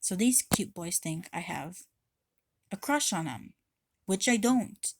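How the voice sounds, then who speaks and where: A woman's voice: mid-range voice, expressive, slow pace, noisy background. A woman vlogger ranting to camera in a rambling way, swearing often and restarting her sentences. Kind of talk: casual rant to camera.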